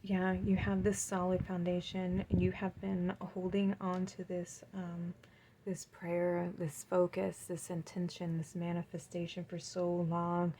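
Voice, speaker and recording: A woman giving an encouraging tarot card reading, gushing with warmth and reading card affirmations aloud. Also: on the low side, completely flat delivery, unhurried, slight background noise, low-quality recording.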